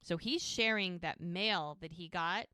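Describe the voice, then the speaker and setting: A woman on the low side speaks a little slowly, her tone clean, in a dry recording with clean studio sound. She co-hosts a podcast and chats casually through a show's scenes, quoting the characters in lively, animated voices.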